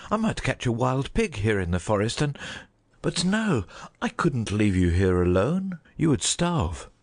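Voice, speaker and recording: A man's voice: mid-range voice, sing-song, measured pace. A man voicing a loyal, anguished huntsman in a dramatized audiobook, emotional and torn. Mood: worried.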